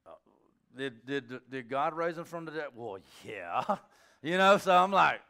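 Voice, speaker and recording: A middle-aged male pastor giving an informal sermon, telling stories in a conversational way with sudden bursts of excitement. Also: on the high side, a little slow, gravelly, clean tone.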